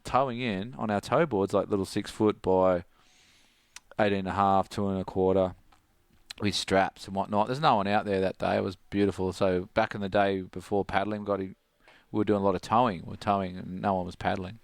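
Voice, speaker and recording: A middle-aged Australian man, a surf coach, telling a story in casual chat, animated and laughing, full of "like". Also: low voice, fairly quick, dry recording, studio quality. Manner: animated, laughing, heavy use of "like".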